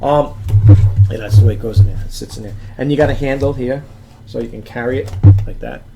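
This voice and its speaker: A man's voice: mid-range voice, a little fast, creaky, very noisy. A man casually showing an item to the camera for his online selling channel, rambling and often restarting sentences while he handles the item, sometimes turning away from the mic. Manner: rambling, chatty, often restarts sentences and addresses viewers as folks and guys. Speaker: eBay seller vlogger. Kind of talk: casual product demo to camera.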